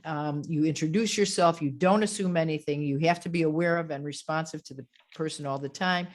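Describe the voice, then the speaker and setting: A woman grief counselor giving a webinar lecture over a video call, calm and gentle, with frequent fillers. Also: sits low.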